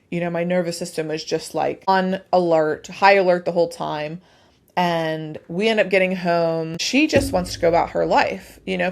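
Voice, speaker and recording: A woman's voice: fairly low pitch, a little mellow. A woman in her forties, host of her own show, telling a candid, emotional personal story and saying "like" a lot. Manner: emotional, candid, heavy use of "like".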